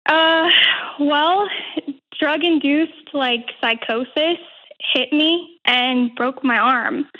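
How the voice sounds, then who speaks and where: A woman's voice: sits high, very slow, dull audio. A young woman in her twenties calling into a show, speaking hesitantly with many fillers. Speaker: caller. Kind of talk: phone-in call.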